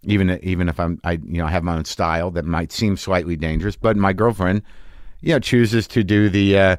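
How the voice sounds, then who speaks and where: A man's voice: deep voice, steady tone, a little fast, no room sound, studio quality. A man in his late forties hosting a podcast, telling a rambling, self-mocking comic story and then chatting with a guest. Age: late 40s. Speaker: podcast host. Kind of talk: comic monologue and interview. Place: home studio.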